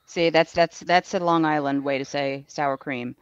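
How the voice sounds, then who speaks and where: A woman's voice: low voice, steady tone, moderate pace, clear, resonant tone, no echo, lo-fi sound. A woman co-hosting a casual live-stream chat, dry and teasing. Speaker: co-host.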